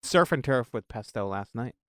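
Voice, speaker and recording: A man's voice: medium pitch, expressive, normal speed, dry recording, clean studio sound. A man chatting casually on a podcast, rambling and searching for words. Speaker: podcast co-host.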